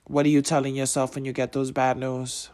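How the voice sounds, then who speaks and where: A man speaking as a motivational speaker, preaching in a slow, emphatic way with repeated rhetorical questions. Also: mid-range voice, monotone, a little mellow. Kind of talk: motivational monologue.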